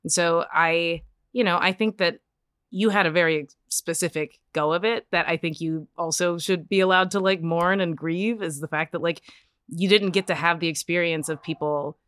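A woman with a bright, forceful voice chatting casually and telling animated stories. She laughs a lot and acts out the lines of the people in her stories. The sound is close and dry. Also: fairly low pitch, normal speed, clean tone, dry recording. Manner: animated storyteller, laughs often, acts out quotes. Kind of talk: casual chat.

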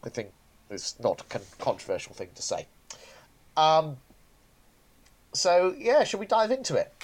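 A man's voice: on the high side, huge pitch swings, unhurried. A man chatting on a podcast, rambling with many restarts as he enthuses. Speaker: podcast co-host. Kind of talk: casual podcast chat.

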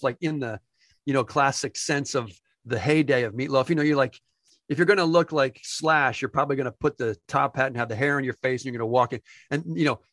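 A man's voice: mid-range voice, no echo. A man in his fifties from New Jersey tells a casual story from his years in the music industry, acting out the voices as he goes. His voice sits in the middle range. He is recorded dry on a close podcast mic. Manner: animated storyteller acting out quotes. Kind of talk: casual anecdote telling.

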